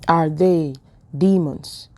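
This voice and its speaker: A woman's voice: sits low, drawn-out words, dark tone. A woman giving a casual spiritual message to camera, playful at times and full of repeated rhetorical questions. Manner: playful, joking asides. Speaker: online preacher.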